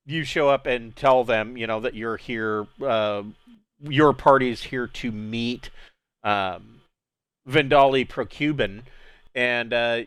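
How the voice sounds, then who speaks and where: Rambling male game master, smooth and dry. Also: medium pitch, fairly bright tone, no room sound. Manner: casual, rambling, laughs often. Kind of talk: narrating a tabletop game.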